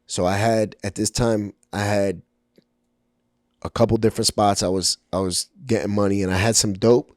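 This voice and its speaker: On a podcast, a Brooklyn-born middle-aged guest shares his personal history frankly, saying um often and acting out conversations. He speaks on the low side at a moderate pace with a steady tone, in studio-quality sound free of room noise.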